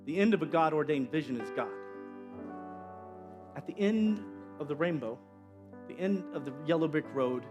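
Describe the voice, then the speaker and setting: A man preaches with urgent, repetitive exhortation, driving each line home. His voice sits high for a man, and soft music plays faintly underneath. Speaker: pastor. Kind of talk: sermon.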